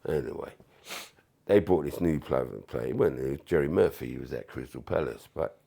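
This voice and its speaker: A former footballer recounting his playing days in a casual interview, animated and full of swearing, often acting out what others said. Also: a bass voice, normal speed, vocal fry. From England. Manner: animated, swearing, acts out quoted voices. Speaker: former footballer, podcast guest.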